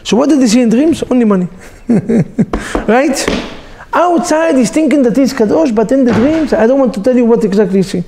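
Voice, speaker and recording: A man teaching as a rabbi, telling stories with jokes and sound effects in a lively sermon to a group. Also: very high voice, normal speed, vocal fry, background noise. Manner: animated storyteller, joking, with sound effects.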